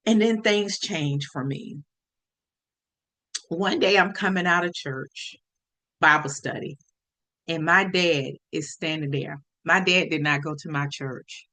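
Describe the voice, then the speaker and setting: A woman telling a personal story on her podcast, lively and speaking straight to her listeners. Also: deep voice, slow pace. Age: adult.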